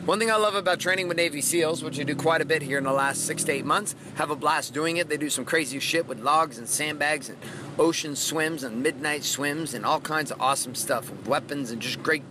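Casual: brash swearing motivational guy, middle-aged, punchy dramatic delivery, bit of street noise behind. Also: on the high side. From Washington state, USA. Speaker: podcast host. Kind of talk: motivational monologue.

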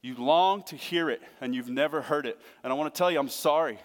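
A man's voice: on the high side, fairly quick. Earnest man preaching in a reverberant hall. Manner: earnest, swings from hushed to emphatic. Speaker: pastor. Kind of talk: sermon. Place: church sanctuary.

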